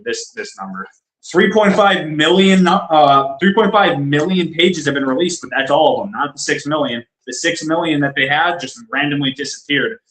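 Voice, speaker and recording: A man's voice: a little high, a bit bright. A man co-hosting a podcast, talking politics in a blunt, emphatic way and often repeating himself. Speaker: podcast co-host. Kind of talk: casual political discussion. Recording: roomy echo.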